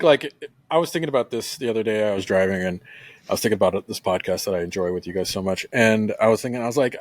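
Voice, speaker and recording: Male podcast co-host, mid-pitched and dry, chatty and excitable, lots of "like". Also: no room sound. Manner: enthusiastic, rambling, heavy on "like". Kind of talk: casual podcast chat.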